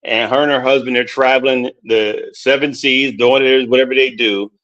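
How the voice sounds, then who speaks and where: A man's voice: medium pitch, steady tone, moderate pace, a bit bright. A man hosting a casual movie chat who rambles, repeats words and laughs often. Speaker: podcast host. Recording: dull lo-fi sound.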